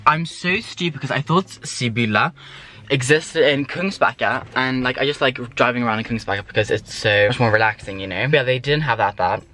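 A man, rambling excitedly and swearing freely as he reviews fast food from his car. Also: mid-range voice. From Sweden. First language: Swedish. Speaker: food vlogger. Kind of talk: casual food review vlog. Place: in a car while driving.

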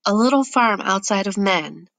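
A woman reading an audiobook, voicing a wary runaway boy who speaks in hesitant, halting bits. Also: mid-range voice, animated, creaky, fairly bright tone, dry recording. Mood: nervous, guarded.

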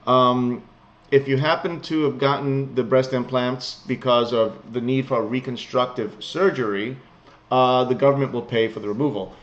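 A man with a medium-pitched voice and fairly even intonation reads news stories at a moderate pace, commenting casually and sarcastically from home. He's blunt and chuckles often, and the lo-fi home recording sounds slightly muffled.

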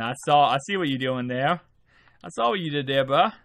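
A man who just woke up and is still sleepy, hosting his video game channel with rambling, casual gameplay commentary and sudden excited outbursts. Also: fairly high pitch, a little fast, vocal fry.

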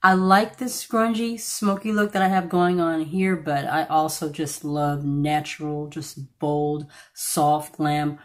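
A woman with a notably low-pitched voice talks through a makeup tutorial in a relaxed, chatty way. Her voice has a slight croak from allergies, and she often stops mid-sentence to correct herself. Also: slow, few pauses. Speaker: beauty vlogger. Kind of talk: casual makeup tutorial chat.

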